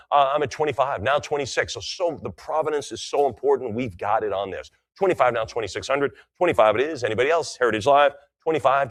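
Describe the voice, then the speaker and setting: A middle-aged man working as an auctioneer, rattling off repeated bid calls at a live auction and dropping in chatty, enthusiastic asides between them. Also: medium pitch.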